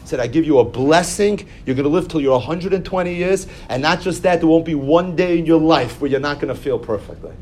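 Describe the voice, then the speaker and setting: A man with a high voice tells stories in a Talmud class, leaping upward in pitch as he acts out the people he quotes. Hebrew and Yiddish terms run through his speech. A faint hiss sits behind him. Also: brisk, hardly any pauses. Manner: animated, jumps to high pitch when quoting characters, sprinkles Yiddish and Hebrew terms. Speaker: Torah teacher.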